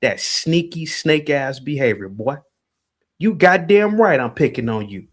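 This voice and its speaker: Male stream host: confrontational, taunting rant, pitched a bit high, very animated delivery. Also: a little slow. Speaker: livestream host. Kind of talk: heated call-in stream rant.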